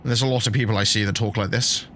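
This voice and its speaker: A man's voice: on the low side, fairly even intonation, rapid-fire, a bit bright, slight background noise. A middle-aged man chatting casually and jokily while streaming a truck-driving game, laughing often and bantering with his chat.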